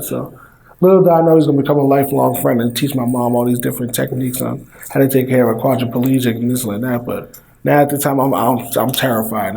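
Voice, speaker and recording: A young man casually telling a personal story, relaxed and conversational. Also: mid-range voice, gravelly, rough recording. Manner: relaxed, conversational retelling with quoted dialogue. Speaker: former football player telling his story.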